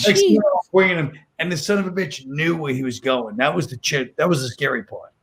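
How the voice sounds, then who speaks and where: Brief: deadpan New man, fairly high voice, casual dark stories. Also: fast. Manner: deadpan, dark storytelling with acted quotes. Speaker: comedian guest. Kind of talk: casual storytelling.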